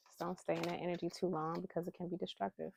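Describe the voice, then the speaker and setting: Gravelly low-voiced woman, heartfelt. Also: little pitch movement, fast, a little mellow. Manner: heartfelt, candid, with bursts of emphatic pleading. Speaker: spiritual vlogger drawing inspiration cards. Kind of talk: casual spiritual talk to camera. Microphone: phone camera held close.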